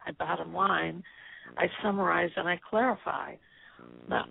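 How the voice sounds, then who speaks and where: A woman guest on a radio interview, calmly explaining step by step over a tinny phone line. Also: fairly low pitch, creaky, slightly rough. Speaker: guest expert.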